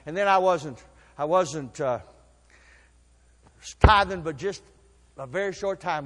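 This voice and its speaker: High-voiced preacher in echoing hall. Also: male voice. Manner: folksy storytelling, swinging from low asides to shouted exhortation. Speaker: pastor. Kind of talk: sermon. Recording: long hall reverb.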